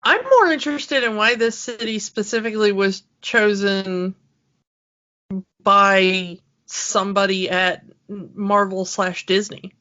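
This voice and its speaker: A woman co-hosting a podcast in casual chat, rambling with many fillers and quick laughs. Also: medium pitch, sharp tone, highs cut off. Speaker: podcast co-host.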